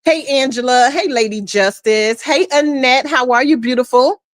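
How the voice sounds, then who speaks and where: A woman's voice: sits high, moderate pace, dry recording. A woman hosting a casual live stream, greeting viewers one by one and calling them honey and boo.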